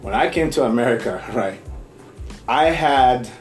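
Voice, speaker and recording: A man's voice: medium pitch, measured pace. Nigerian-accented man telling stories. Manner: rambling, animated, laughs often. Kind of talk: casual storytelling chat. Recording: echoey room, faint music.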